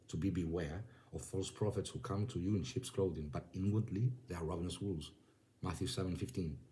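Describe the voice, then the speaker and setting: A man's voice: low-pitched, mellow, slight background noise. A man giving casual religious commentary to camera. He talks conversationally, reads news lines and scripture aloud, and keeps checking in with the listener.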